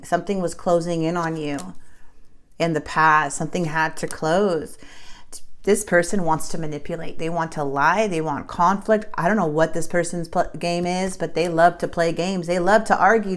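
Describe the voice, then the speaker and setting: Chatty woman giving a tarot reading. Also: fairly low pitch. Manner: chatty, emphatic, many fillers and restarts. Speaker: tarot reader. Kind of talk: casual tarot reading to camera.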